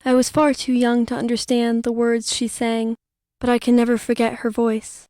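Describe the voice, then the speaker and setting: A young woman narrating a historical audiobook in the first person, her reading quiet, wistful and even. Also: fairly high pitch, moderate pace, no echo, studio quality.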